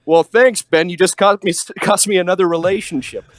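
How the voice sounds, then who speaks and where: A man's voice: high voice, a little fast, no echo. A man on a podcast telling a raunchy anecdote casually, laughing often and acting out what people said. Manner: laughing, animated anecdote telling with acted-out quotes. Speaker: podcast co-host. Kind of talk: casual chat, storytelling.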